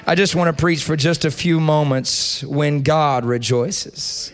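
A young adult man preaching a sermon in a church, leading the congregation in call and response and building to loud prayer. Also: on the high side, measured pace, few pauses. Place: church sanctuary.

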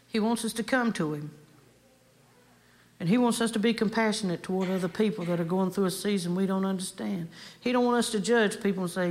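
A woman preaching with fervor, her voice sitting at an ordinary pitch. She leans on repetition and rising emphasis as she drives each point home. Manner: fervent, repetitive preaching cadence. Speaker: guest preacher. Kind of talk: sermon.

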